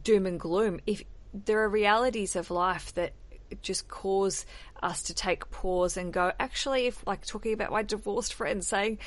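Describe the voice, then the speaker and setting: A woman's voice: medium pitch, unhurried. A woman hosting a podcast, chatting candidly and swearing casually. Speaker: podcast host.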